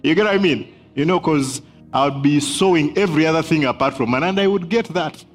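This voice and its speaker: A man's voice: a little high, fast talker, faint music behind. A man preaching a sermon as pastor, emphatic, repeating key phrases and laughing between points.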